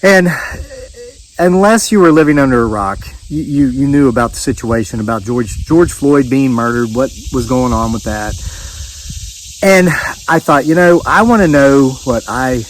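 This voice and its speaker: A man's voice: medium pitch, animated, normal speed, slight background noise, poor audio. An older man telling a story to camera outdoors, in a rambling, folksy way with many fillers and restarts, sweating in the heat. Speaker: vlogger. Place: outdoors on a rural homestead.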